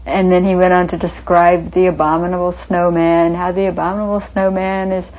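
A woman's voice: lowish voice, little pitch movement, brisk, a little mellow, muffled recording. A woman telling stories of her spiritual teacher in a reminiscing interview, with a wistful, storytelling manner. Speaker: devotee recalling her teacher.

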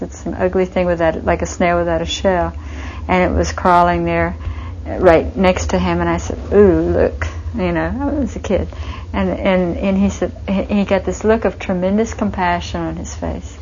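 A woman's voice: on the low side, little pitch movement, normal speed, a little mellow, lo-fi sound, a little hiss or hum. A woman telling stories of her spiritual teacher in a reminiscing interview, with a wistful, storytelling manner. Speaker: devotee recalling her teacher.

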